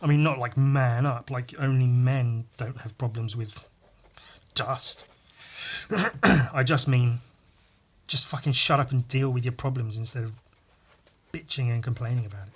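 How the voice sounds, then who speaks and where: A young man with a wheezy, squeaky breath, rambling crudely and mocking himself as he draws. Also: steady tone, unhurried, long pauses. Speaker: podcast host drawing. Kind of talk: rambling solo chat while drawing.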